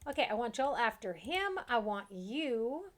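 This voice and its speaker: A woman's voice: on the high side, very animated, a little slow. Giggly woman streaming a game. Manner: giggly, chatty, trails off into asides. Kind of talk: casual gameplay commentary, reading game text aloud.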